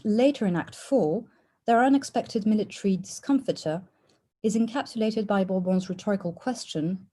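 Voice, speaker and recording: A woman presenting a formal academic paper at an online conference, in a measured way with an occasional "uh". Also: medium pitch, mellow. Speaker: conference speaker. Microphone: online conference call.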